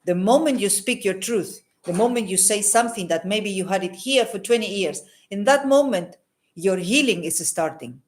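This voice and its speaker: A holistic healer and psychic speaks earnestly to camera in an unscripted advice monologue, repeating phrases for emphasis and tagging a questioning "hmm?" onto her points. Her mid-range voice has lively intonation and a moderate pace.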